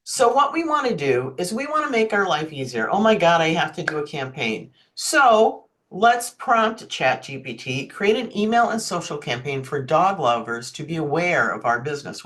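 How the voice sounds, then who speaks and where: A woman's voice: deep voice, expressive, a little fast, few pauses, fairly bright tone. Chatty woman teaching an online workshop. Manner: chatty, often checks in with "okay?". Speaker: marketing presenter.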